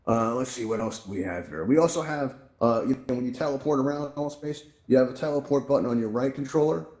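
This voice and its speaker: Speaking quickly in a mid-range voice with a darkish tone, a man teaches VR controls during a live class held in a virtual reality event room. He talks to the audience in a chatty way, guiding them step by step and repeatedly asking "right?".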